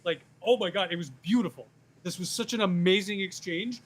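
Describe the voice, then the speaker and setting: A man chatting casually on a panel show, rambling and animated, with frequent swearing. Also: high-pitched, brisk.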